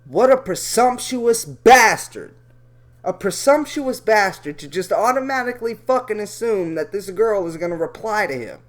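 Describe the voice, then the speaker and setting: Profane ranting man, lively pitch. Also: normal speed, few pauses. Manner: ranting, profane, rambling with self-corrections. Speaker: commentator. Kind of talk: profane commentary reading out chat logs.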